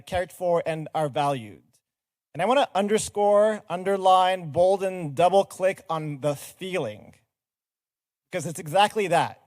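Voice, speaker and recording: A man's voice: fairly high pitch, no echo. A middle-aged man giving an earnest, explanatory talk from a conference stage and engaging the audience directly. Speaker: conference speaker.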